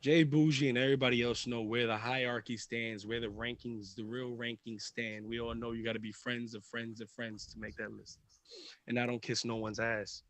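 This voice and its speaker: A man's voice: mid-range voice, level tone, normal speed, dry recording. A man who is a pro wrestler cutting a heated, trash-talking promo on a live stream. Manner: intense, trash-talking, builds to shouting.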